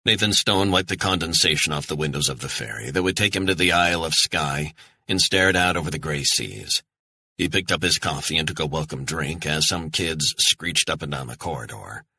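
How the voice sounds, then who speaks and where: A man narrating a thriller audiobook in a grim, measured manner. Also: extremely low pitch, bright, forceful tone, slightly rough.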